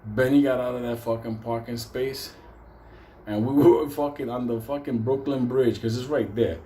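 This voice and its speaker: A man's voice: medium pitch, normal speed, warm tone, a little hiss or hum. A man telling a comic story casually, profane and laughing as he rambles.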